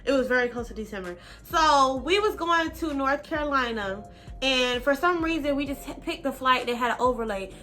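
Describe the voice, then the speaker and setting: A young woman casually telling a personal story on her vlog, slangy, animated and now and then profane. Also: sits high, moderate pace, soft background music. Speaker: vlogger.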